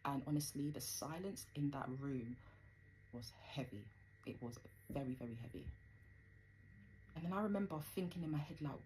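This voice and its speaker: A woman's voice: sits low, normal speed, long pauses, a little mellow, slight background noise, rough recording. A young woman telling a personal story in a rambling, conversational way with plenty of fillers.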